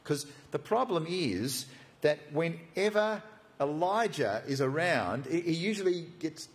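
Animated preacher, lively pitch. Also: male voice, measured pace. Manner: animated, jokey storytelling, acts out scenes. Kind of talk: expository sermon.

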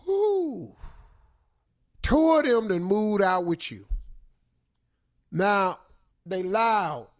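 A man giving comic advice on a radio show, acting out loud neighbors in playful shouted bits. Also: high voice, big pitch swings, very slow, long pauses. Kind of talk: comedic advice talk.

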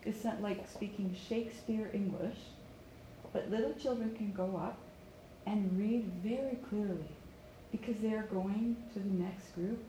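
Pronunciation coach, woman from Canada, mellow voice, drills stressed words in a roomy space with faint hiss. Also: medium pitch, steady tone, unhurried. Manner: stresses words and repeats phrases for students to echo. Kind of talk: live online pronunciation lesson.

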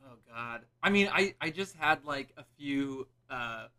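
Easygoing bright-voiced guest comic. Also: male voice, mid-range voice, lively intonation, a little slow. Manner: easygoing, laughs along. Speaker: guest comedian. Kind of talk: casual podcast chat. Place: couch at home with cats.

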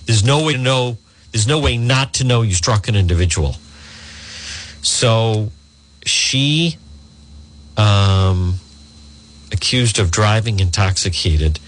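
A man's voice: fairly low pitch, slow pace, long pauses. A middle-aged man hosting a talk radio show, reading a news story aloud and adding indignant asides.

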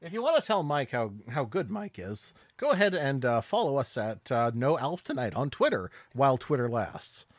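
A man's voice: mid-range voice, very animated, normal speed, few pauses, no room sound. A man co-hosting a podcast in casual chat, making dry, wry quips and laughing often. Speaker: podcast co-host.

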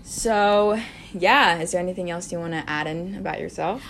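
A teenage girl chats loosely on her podcast, her voice sitting a little low. She rambles with plenty of "like" and "you know". A faint hiss of noise sits under the recording. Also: moderate pace, fairly bright tone. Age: teens. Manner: rambling, frequent "like" and "you know", laid-back. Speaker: podcast co-host. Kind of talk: casual chat.

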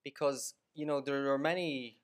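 A man's voice: mid-range voice, steady tone, moderate pace. A man, hosting a casual interview in a playful, teasing way with hesitant restarts. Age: 40s. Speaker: host.

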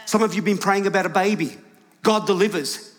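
A male pastor preaching a lively sermon to his congregation, questioning the room and shouting at its peaks. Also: sits high, a little fast. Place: large church hall with congregation. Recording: live church hall with long reverb.

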